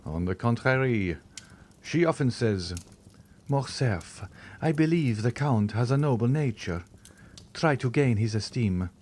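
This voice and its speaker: A man's voice: mid-range voice, expressive, unhurried, darkish tone, a little hiss or hum, natural voice. A man reading the part of an earnest, eager young viscount. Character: young viscount, eager and devoted to his mother.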